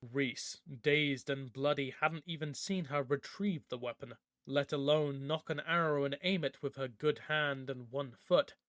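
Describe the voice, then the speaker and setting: A man narrating a fantasy audiobook in a steady storytelling manner. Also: a little high, measured pace, hardly any pauses, dry recording, clean studio sound.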